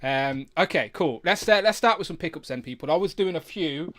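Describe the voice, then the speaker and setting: A man with a slight lisp, hosting a live chat with guests, chatty and quick to laugh. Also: a little high, animated, fairly bright tone. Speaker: livestream host.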